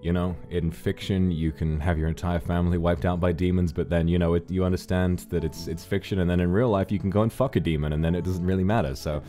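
A man's voice: sits low, fairly even intonation, fast, hardly any pauses, mellow, faint music behind. A man hosting a casual interview over drinks, with a playful, teasing manner. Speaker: host.

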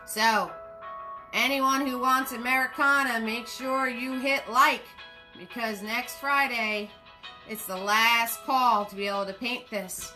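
Slow, bright-voiced woman teaching painting. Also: on the high side, steady tone, soft background music, rough recording. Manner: chatty and playful, repeats cue words in a sing-song way. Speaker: paint party instructor. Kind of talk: live online painting class.

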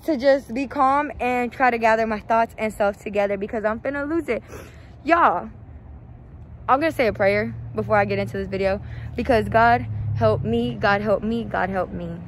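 A young woman vlogging outdoors at an apartment complex on a handheld phone camera, ranting loudly with profanity and yelling out names. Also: fairly high pitch, normal speed, a little hiss or hum. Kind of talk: confrontational vlog rant.

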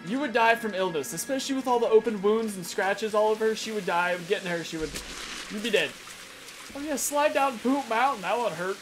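Excitable, jokey let's-play commentator. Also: medium pitch, a little fast. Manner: excitable, yelps and swears at scares; jokey running banter with the viewer. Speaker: gameplay commentator. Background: game music.

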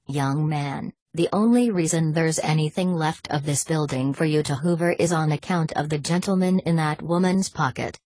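A woman voicing a pompous, scheming older British knight on crutches, haughty and sharp-tongued. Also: deep voice, moderate pace, hardly any pauses, dry recording. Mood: imperious.

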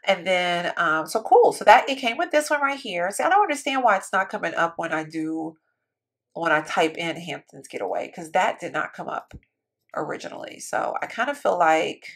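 A woman's voice: fairly low pitch, expressive, normal speed, fairly bright tone. A woman giving casual, chatty commentary while building in a life-sim game, thinking aloud and talking to her viewers. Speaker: Sims building YouTuber.

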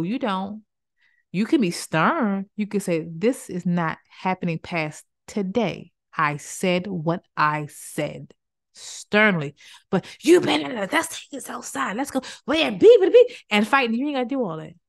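A woman giving an informal Bible teaching in an emphatic, colloquial way, repeating her points and slipping into playful voices. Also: mid-range voice. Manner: lively, jumps into playful voices for quotes. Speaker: Christian speaker and counselor.

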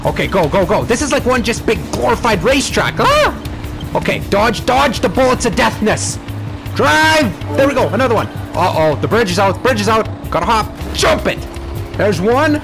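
A young man hosting let's play commentary, excitable and frantic, swearing often. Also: sits high, normal speed, gravelly. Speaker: gaming channel host. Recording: game music underneath.

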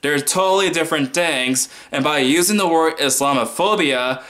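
A young American man giving loud, mocking political commentary, laughing now and then as he talks. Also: on the high side, moderate pace. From United States. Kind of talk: casual opinion commentary.

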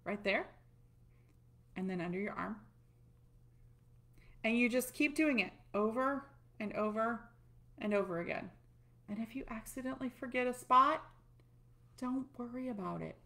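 A woman's voice: on the high side, moderate pace, long pauses, sharp tone. A middle-aged woman casually walking viewers through a tapping routine, chatty and self-deprecating as she demonstrates. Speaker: tapping coach. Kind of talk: casual instructional talk.

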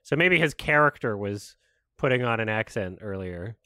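Young man reacting loudly, laughing. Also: on the low side, moderate pace, clean tone, dry recording, studio quality, faint music behind. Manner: laughs often, swears, bursts into loud excited exclamations. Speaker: reaction video host. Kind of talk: casual reaction commentary.

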